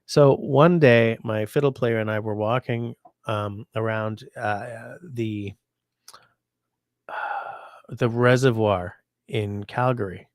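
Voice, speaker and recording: A man's voice: lowish voice, slow pace, no echo, studio quality. Rambling sick man on a livestream. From Canada. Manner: rambling, relaxed, reads viewer comments aloud. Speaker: livestream host. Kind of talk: casual livestream chat.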